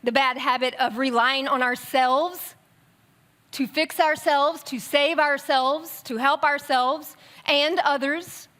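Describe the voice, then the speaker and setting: A woman preaching a sermon in a conversational, animated way, with quick bursts and asides. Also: high voice. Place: church sanctuary.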